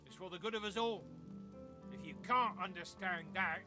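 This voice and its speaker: A man's voice: high-pitched, normal speed, over music, lightly acted. An actor playing a stern, self-righteous male magister in a video game, speaking indignantly.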